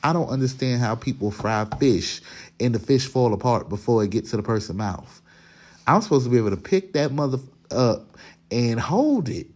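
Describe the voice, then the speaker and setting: A man's voice: medium pitch, lively intonation, normal speed, a little mellow. A man hosting a casual cooking vlog from his home kitchen, talking straight to viewers in a chatty way, recorded on a phone camera while he cooks. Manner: chatty, talks straight to viewers, restarts sentences. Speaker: podcast host cooking for family.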